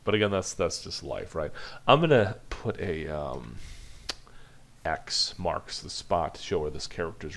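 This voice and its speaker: A man's voice: sits low, gravelly. A man teaching an animation lesson, chatting loosely and thinking aloud while he demonstrates drawing. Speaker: animation instructor.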